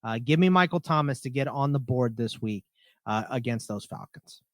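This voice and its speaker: A man's voice: medium pitch, expressive, normal speed, dry recording, clean studio sound. A man co-hosting a fantasy football podcast, talking casually and joking about picks. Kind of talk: casual sports talk.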